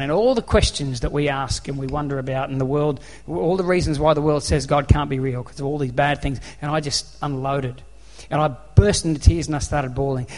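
An Australian man preaches in an earnest, conversational manner, slipping into voiced dialogue as he tells his story. His voice sits a little high for a man. It rings out with the long reverb of a large hall. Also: darkish tone. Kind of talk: sermon with personal storytelling.

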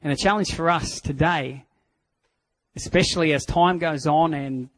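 A man with an Australian accent sharing a candid personal testimony in a sermon, telling it in an earnest, halting way. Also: fairly high pitch, a bit bright, no room sound, poor audio.

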